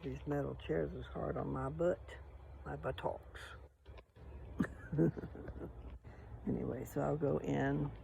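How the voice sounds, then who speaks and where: An older man in a casual vlog, chatting slowly about his plans while sitting outdoors, with a gravelly voice. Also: on the high side, little pitch movement, mellow, a little hiss or hum, poor audio. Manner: sings old songs slowly, then chats about breakfast. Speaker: vlogger. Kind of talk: casual monologue with singing. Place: outdoors sitting on a metal chair.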